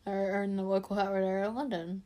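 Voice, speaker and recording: Woman, mid-pitch voice, excited and chatty. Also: quick pace. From United States. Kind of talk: casual chat.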